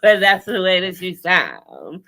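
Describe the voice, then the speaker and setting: A woman hosting a casual chat over a video call, talking in an animated, sassy way with lots of slang and laughter. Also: fairly low pitch, measured pace. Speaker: podcast host recapping a TV show.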